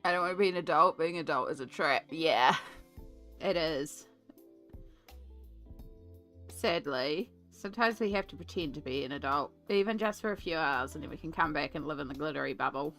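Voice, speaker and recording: A woman's voice: deep voice, moderate pace, fairly bright tone, faint music behind. A woman in her thirties with an Australian accent, chatting and laughing while colouring on a stream. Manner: chatty, laughing, mimics sarcastic adult tones. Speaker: art streamer. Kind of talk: casual chat while colouring.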